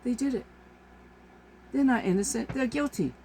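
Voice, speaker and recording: A woman's voice: on the high side, normal speed, mellow, a little hiss or hum. A woman vlogger delivers an exasperated, emphatic rant to camera, repeating her points for force. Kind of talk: ranting monologue to camera.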